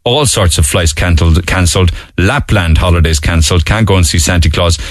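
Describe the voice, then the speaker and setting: A man's voice: deep voice, brisk, no room sound. A man with a Cork accent hosting a radio show in casual, chatty, mocking talk. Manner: chatty, mocking, laughs easily.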